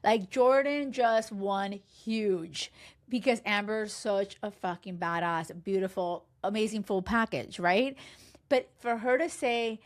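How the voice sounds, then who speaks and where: A woman dating coach recapping a reality show in casual chat, emphatic and animated, swearing freely and acting out quotes. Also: mid-range voice, takes it slowly. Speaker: love and dating coach, podcast host.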